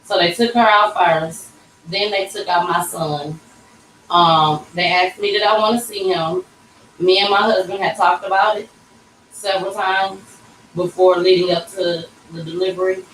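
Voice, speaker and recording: A woman's voice: lowish voice, steady tone, moderate pace, fairly bright tone, a little hiss or hum. A woman in her thirties hosting a livestream, telling a personal story candidly and casually and talking straight to her viewers. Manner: candid and conversational, addressing viewers as y'all. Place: tattoo shop. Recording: echoey room, mic at a distance.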